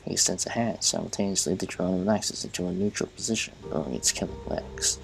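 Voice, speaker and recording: A man's voice: low-pitched, fast, vocal fry, few pauses, soft background music, rough recording. A man playing a game and reading its text aloud in a casual way, often stumbling and restarting words. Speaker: gamer.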